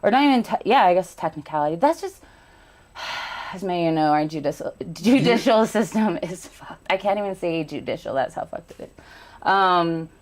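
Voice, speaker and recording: A woman's voice: on the low side, animated, normal speed. A young woman hosting a casual podcast chat, talking candidly, swearing freely and joking with sarcasm. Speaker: podcast host.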